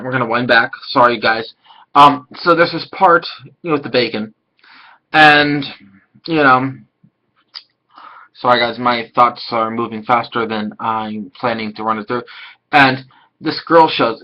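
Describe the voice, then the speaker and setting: A man casually reviewing an anime episode, rambling and excitable, swearing now and then. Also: medium pitch, highs cut off.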